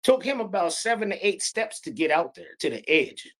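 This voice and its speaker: A middle-aged man from Pennsylvania telling a true encounter story in a halting, breathless, vivid way. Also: sits high, sing-song. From Pennsylvania, USA. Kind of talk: animated personal storytelling.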